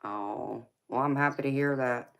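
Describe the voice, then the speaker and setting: A woman's voice: very deep voice, a little slow, a bit bright, clean tone. A woman, tired from little sleep, hosting a tarot livestream and talking affectionately with viewers, calling them honey and girlfriend. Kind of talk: casual livestream chat.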